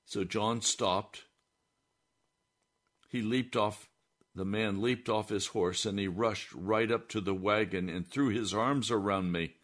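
A man preaching on a broadcast, telling a story slowly and deliberately. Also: fairly low pitch, fairly bright tone. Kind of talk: sermon storytelling.

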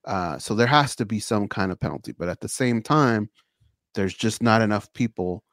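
A man in casual sports talk, earnest and emphatic, with a voice a little lower than most. The recording is dry and close-miked. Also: expressive, normal speed, a bit bright, no room sound.

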